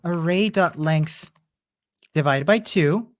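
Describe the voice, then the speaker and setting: Woman, low voice, patient coding teacher, dry close mic. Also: takes it slowly, no echo. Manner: calm, patient explaining. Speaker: coding instructor. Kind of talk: live coding explanation.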